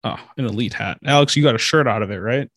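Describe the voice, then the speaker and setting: A man's voice: medium pitch, fast talker, a bit bright, no echo, clean studio sound. A man hosting a casual podcast, chatty and upbeat, reading an ad in a loose conversational way. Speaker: podcast host.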